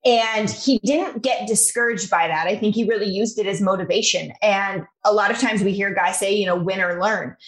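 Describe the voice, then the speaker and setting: A woman sports reporter as a guest, chatting casually and giving thoughtful, measured analysis. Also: medium pitch, reverberant, low-quality recording. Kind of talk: casual interview chat.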